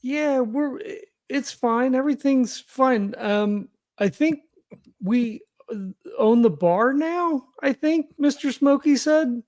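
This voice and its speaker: A man's voice: extremely high pitch, slow, darkish tone, voice pushed up. A man voicing a nervous young man who stammers while talking to his mother in a tabletop game. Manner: stammering, flustered.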